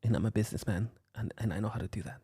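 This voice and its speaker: A smug, self-important businessman murmurs down at his crew, his voice dropped low and quiet with a gravelly edge, as a man puts him on. He lectures patronizingly and refers to himself in the third person. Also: racing, dry recording, clean studio sound. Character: smooth self-important male businessman, middle-aged.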